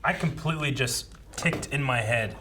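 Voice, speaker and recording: A man's voice: mid-range voice, normal speed. A young man co-hosting a reaction show, talking through his thoughts casually with plenty of fillers. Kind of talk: casual discussion. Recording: faint background noise.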